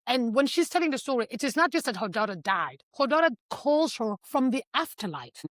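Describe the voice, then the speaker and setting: A woman telling a personal story on a podcast, animated and emotional, acting out the scenes she describes. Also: on the high side, brisk, dry recording. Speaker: podcast guest. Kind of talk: casual podcast chat.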